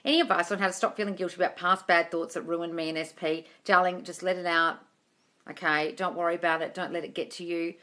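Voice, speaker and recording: Fast-talking and forceful, her fairly low, bright voice keeps a fairly even intonation. She's a manifesting coach answering live questions on a casual phone livestream, chatty and reassuring, calling viewers darling and swearing now and then.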